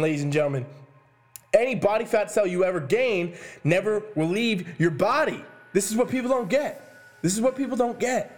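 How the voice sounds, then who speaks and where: A man ranting about fitness to his viewers, swearing often and stressing his points hard. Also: high-pitched. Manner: swearing, emphatic, addresses "ladies and gentlemen". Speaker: fitness coach. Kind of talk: profane fitness rant to camera.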